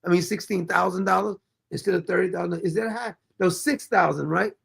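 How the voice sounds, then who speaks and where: Sarcastic guy ranting over clips, high voice, gravelly, keeps mocking. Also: fairly even intonation, a little fast, a bit bright. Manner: reads viewer comments aloud. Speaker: commentary show host. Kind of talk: reaction commentary on clips.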